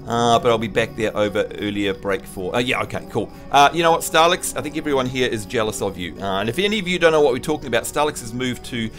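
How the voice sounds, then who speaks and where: Give me a chatty man from New Zealand hosting a game stream, lively pitch, soft music underneath. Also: fast, hardly any pauses. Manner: chatty, upbeat, teasing friends. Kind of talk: casual live-stream chat.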